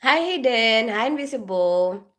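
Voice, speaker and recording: Slightly high, animated, and unhurried, this giggly nurse chats casually on her livestream after waking from night shifts. She laughs often and greets viewers by name.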